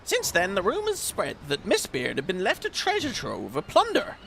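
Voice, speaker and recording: A man's voice: high voice, wildly swooping pitch, moderate pace, creaky, a bit bright, slight background noise, voice pushed up, exaggerated voice. A man voicing a chatty old male sailor who tells an old-timey seafaring yarn, reading game dialogue aloud. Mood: spinning a yarn. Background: game music.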